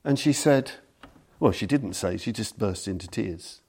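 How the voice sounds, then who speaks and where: A man lecturing on Buddhism, telling a story slowly and deliberately and reading passages aloud. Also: fairly low pitch, expressive, a little mellow, breathy edge.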